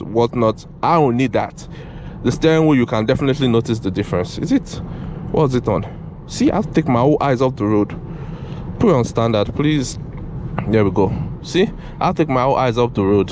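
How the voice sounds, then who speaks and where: Excitable young man driving. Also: medium pitch. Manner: excitable, repeats himself, says "bro". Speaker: car reviewer. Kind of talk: casual driving commentary. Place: inside a moving car. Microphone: GoPro camera in the car. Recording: road and engine noise in car.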